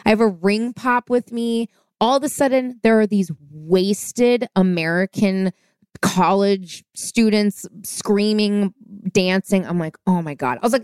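A woman guest on a podcast telling a long story in a casual, animated way, acting out the voices of people she quotes. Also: medium pitch, measured pace, smooth, no echo, clean studio sound.

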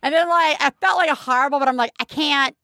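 A woman in her thirties, a podcast co-host, telling a story in casual chat, animated and full of "like". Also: sits high, quick pace, no room sound, studio quality.

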